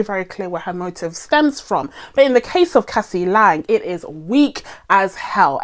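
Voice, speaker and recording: A woman giving a casual movie review rant to her viewers, animated and sarcastic, laughing often. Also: medium pitch.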